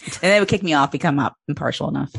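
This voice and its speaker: Creaky, husky woman chatting. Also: low-pitched, rapid-fire, fairly bright tone, dry recording, clean studio sound. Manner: chatty, laughs often, gossipy. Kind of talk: casual chat.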